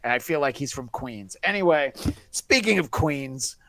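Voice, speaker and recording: A man's voice: medium pitch, expressive, measured pace, a bit bright, slight background noise. A man hosting a podcast in casual chat, joking and rambling with sarcastic asides. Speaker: podcast host.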